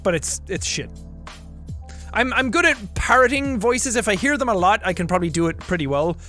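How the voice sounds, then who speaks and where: A young Irish man casually chatting on a livestream, reading viewer messages and laughing between quick remarks. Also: sits high, animated, sharp tone, soft background music. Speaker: streamer. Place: home recording room.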